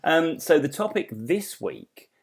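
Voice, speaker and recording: A man's voice: a little high, big pitch swings, slow pace, gravelly, husky. A man co-hosting a podcast in casual chat, telling rambling stories with restarts and laughing at his own jokes. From England. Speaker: podcast co-host.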